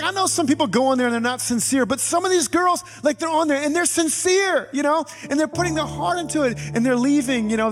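High-voiced pastor preaching in a reverberant hall. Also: male voice. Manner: animated, conversational preaching with audience asides. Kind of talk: sermon. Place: church sanctuary. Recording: reverberant hall with faint music.

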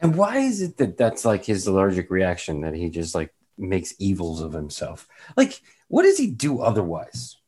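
A man's voice: huge pitch swings, normal speed, few pauses, darkish tone, husky. A man co-hosting a podcast, joking casually and breaking into silly voices. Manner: jokey, bursts into squeaky put-on voices. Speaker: podcast co-host. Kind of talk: casual chat.

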